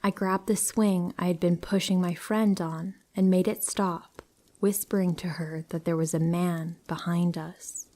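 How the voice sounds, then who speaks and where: Slow, calm woman horror storyteller. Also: lowish voice. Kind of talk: scripted story narration.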